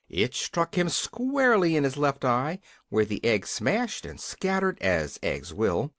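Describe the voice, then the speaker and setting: A man's voice: medium pitch, no echo, clean studio sound. A man reading a children's fantasy storybook aloud, giving the characters their own voices. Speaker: audiobook narrator. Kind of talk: scripted storybook narration.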